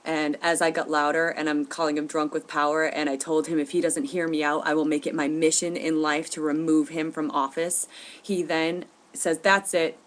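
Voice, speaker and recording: Woman vlogger, lower pitch, casual storytelling, indignant and animated. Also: moderate pace. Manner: indignant, animated retelling with laughs. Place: at home, indoors.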